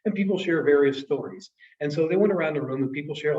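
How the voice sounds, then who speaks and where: Speaking a little fast in a slightly high, slightly mellow voice, a sales trainer in his late fifties earnestly recounts an emotional story to a class as a storytelling presentation. The room sound comes across echoey, distant, and dull.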